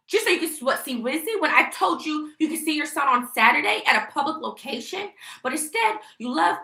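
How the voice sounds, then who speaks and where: A woman's voice: sits high, creaky, bright, forceful tone, reverberant. A young woman venting emotionally on a casual livestream, rambling and indignant. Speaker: vlogger live-streaming.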